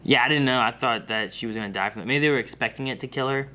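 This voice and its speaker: A man's voice: mid-range voice, very fast, sharp tone, slight background noise. A man co-hosting a reaction video, talking casually and rambling as he thinks aloud.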